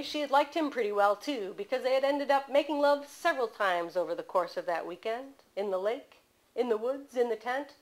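A woman author reading aloud from her mystery novel at a bookstore, in steady storytelling narration. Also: fairly high pitch, rough recording.

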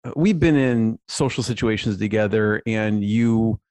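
Relaxed male podcast host, dry sound. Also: on the low side, measured pace, no echo. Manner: relaxed, hesitant with fillers, follow-up questions. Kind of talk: casual interview.

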